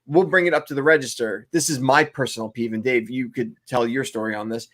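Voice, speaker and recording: A man's voice: mid-range voice, fairly even intonation, brisk, a bit bright. A man co-hosting a casual chat, ranting and swearing freely. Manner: profane, ranting. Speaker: co-host.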